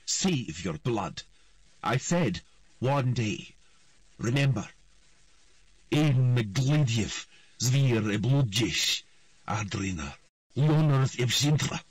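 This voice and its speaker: A man's voice: medium pitch, expressive, slow pace, long pauses, dry recording, far from the mic, pitched above the performer's own voice. A man voicing a cold, commanding old queen who speaks in a stern, authoritative way. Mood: solemn. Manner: authoritative, forceful.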